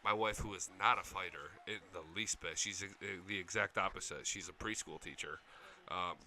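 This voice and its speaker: A man chats casually over football highlights. He sounds like a worked-up fan who cheers and curses at the plays. His voice sits a bit low but rings very bright, with a forceful edge. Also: moderate pace, a little hiss or hum. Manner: excited fan, swears, talks back to the footage. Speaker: sports channel host. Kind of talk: casual sports chat over game highlights.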